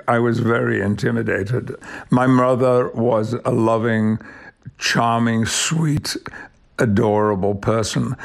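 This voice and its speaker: An older man from Yorkshire, an actor speaking as an interview guest in a measured, eloquent way with thoughtful pauses. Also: medium pitch. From Yorkshire, England. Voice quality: gravelly, husky. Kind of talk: reflective interview talk.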